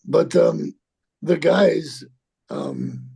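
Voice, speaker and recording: An actor in his sixties telling a rambling, profane story in an interview, halting and repeating himself. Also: a little high, dark tone. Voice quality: gravelly, husky.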